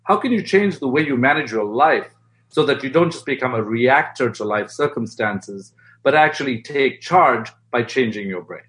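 A man talking as an interview guest, lively and animated, often acting out quoted voices as he explains. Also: medium pitch, normal speed. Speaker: guest expert. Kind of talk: interview conversation.

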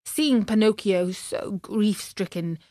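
Slow expressive storybook narrator, a woman. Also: medium pitch, no echo, studio quality. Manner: expressive, addresses young readers. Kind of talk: storybook reading.

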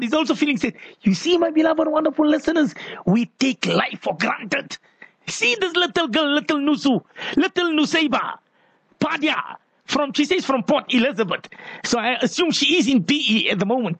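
A man hosts a live call-in radio show in a strikingly high, husky voice. He speaks with fervent emotion and often breaks into prayers for his listeners. The studio sound is close and dry. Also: a bit bright, no room sound. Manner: emotional, fervent, prays aloud.

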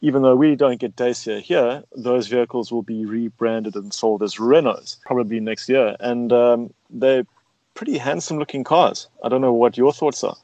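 A man's voice: medium pitch, moderate pace, dark tone, no echo, highs cut off. Man hosting a motoring chat, easygoing and jokey, dry close sound. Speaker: show host. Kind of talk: casual radio chat.

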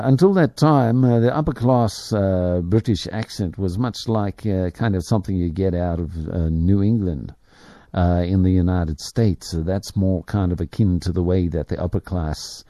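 A man with a low, deeply mellow voice delivers opinionated business commentary as a show host. He rambles, pausing often on fillers and circling back on himself. The sound is dry and close, with little room. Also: no room sound. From Africa. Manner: rambling, many fillers and restarts.

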